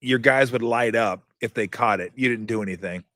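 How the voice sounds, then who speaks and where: A man in his fifties hosts a casual sports radio show, telling animated stories and imitating toy game beeps and buzzes. His voice is medium-pitched and a little fast, and the recording is dry.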